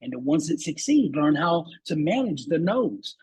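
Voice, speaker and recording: A man appearing as a motivational guest tells a sales story with building energy, preaching about persistence and repeating words as he gets fired up, animated and preachy. His voice is fairly high and husky at a moderate pace, and the recording is rough.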